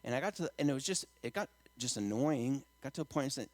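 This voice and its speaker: Man preaching with lively rising pitch. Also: fast talker, no room sound. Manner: emphatic preaching, getting louder and higher on key lines; drops to quiet storytelling in the anecdote. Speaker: pastor. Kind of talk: sermon.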